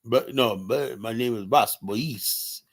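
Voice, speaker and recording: A man's voice: mid-range voice, expressive, moderate pace. A man voicing a mocking, whiny French-accented rival who complains about his name. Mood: indignant.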